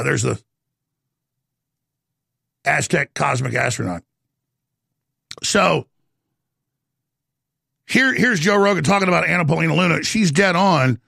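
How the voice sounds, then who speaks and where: A man delivering a heated, excited rant as a show host, often stumbling and repeating words as he builds up steam. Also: high-pitched, moderate pace, creaky, pauses often, dry recording, clean studio sound. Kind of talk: heated ranting monologue.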